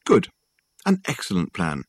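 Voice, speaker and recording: A man reading an audiobook aloud with wry, expressive storytelling. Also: low-pitched, moderate pace, slightly rough, dry recording. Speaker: audiobook narrator. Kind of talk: scripted narration.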